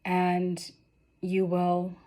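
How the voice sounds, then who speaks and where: A woman's voice: on the low side, completely flat delivery, extremely slow, dark tone. A woman giving a general tarot reading to her viewers in an earnest, encouraging and emotional way, tearful and losing her voice. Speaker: tarot reader.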